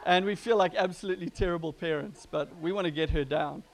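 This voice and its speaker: A pastor giving a sermon in a relaxed, conversational way, joking with his congregation. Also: on the high side, fast talker. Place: church gathering.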